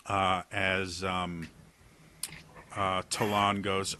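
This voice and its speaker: A man narrating as game master, describing scenes slowly with many fillers. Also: lowish voice, steady tone, sharp tone, dry recording. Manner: unhurried, filler-heavy, descriptive.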